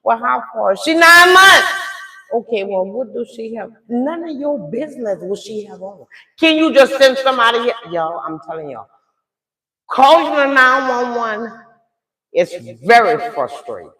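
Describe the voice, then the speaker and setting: An older woman telling a dramatic story to her viewers in a chatty, animated way. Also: on the high side, moderate pace, echoey room. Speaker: live streamer telling a story.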